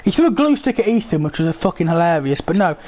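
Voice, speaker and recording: A young man talks in a loose, rambling way, swearing often. His voice sits high and leaps about in pitch. He sounds animated. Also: fast talker. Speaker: host. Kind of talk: casual chat while playing a football game.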